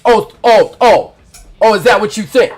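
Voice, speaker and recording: A man voicing a brash, boastful male pro wrestler champion who talks loudly and taunts. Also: on the high side, sing-song, unhurried, soft background music, heavily acted.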